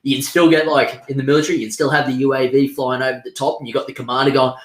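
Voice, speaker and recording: A man's voice: medium pitch, level tone, rapid-fire. Blunt Australian man in an echoey room. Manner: blunt, chatty, uses slang. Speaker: property coach, military veteran. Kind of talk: casual live Q&A chat.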